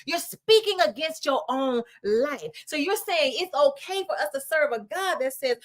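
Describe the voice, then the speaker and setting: A woman's voice: sits high, lively intonation, normal speed, few pauses. A woman reverend and host preaching conversationally on a Bible passage, emphatic and colloquial, firing off rhetorical questions. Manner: colloquial, with repeated restarts.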